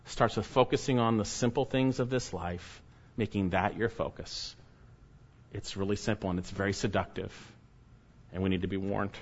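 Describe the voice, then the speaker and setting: A man preaching a sermon, emphatic, swinging between loud urging and low hushed warnings. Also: highs cut off. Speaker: pastor.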